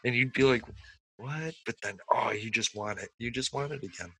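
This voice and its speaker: A man's voice: medium pitch, normal speed, sharp tone, rough recording. A man co-hosting a podcast over a video call, telling stories in an easygoing, chatty way. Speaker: podcast co-host. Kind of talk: casual podcast chat.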